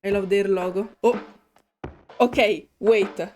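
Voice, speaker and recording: A woman's voice: medium pitch, fairly even intonation, slow, a little mellow. A woman with an Italian accent, chatting playfully while starting a new game as a gaming YouTuber. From Italy. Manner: playful and chatty, hums to herself. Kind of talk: casual game commentary. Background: faint game music.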